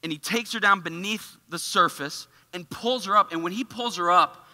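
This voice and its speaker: Bright-voiced man telling a sermon story. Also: sits high, normal speed, in a large hall. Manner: casual, animated, full of "like" fillers. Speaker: church speaker. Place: church auditorium.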